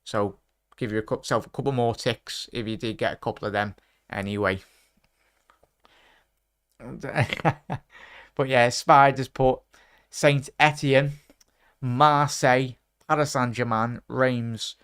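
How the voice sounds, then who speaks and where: A man's voice: medium pitch, steady tone, takes it slowly, a bit bright, clear, resonant tone. A man hosting a casual live-stream quiz, chatty and rambling, often stopping to correct himself. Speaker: quiz host.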